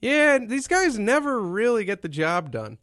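A man's voice: high-pitched, sing-song, normal speed, fairly bright tone, no echo, studio quality. A young man hosting a casual podcast, joking and sarcastic. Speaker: podcast host.

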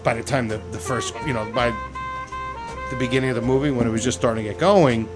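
A man's voice: mid-range voice, quick pace, over music. A middle-aged man hosting a radio show, telling rambling, profane stories in casual chat.

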